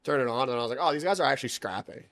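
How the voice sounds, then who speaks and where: Talking rapid-fire in a fairly bright, mid-range voice, this young man is a jiu-jitsu athlete guesting on a podcast. The chat is casual, and his meandering stories are thick with curse words, fillers and constant "like."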